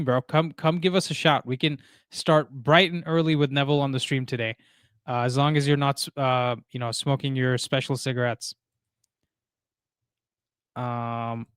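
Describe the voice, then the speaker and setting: A man hosting a casual live stream, reading chat messages aloud in a relaxed way, with plenty of fillers. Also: medium pitch, clean tone, no room sound, studio quality. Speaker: livestream host.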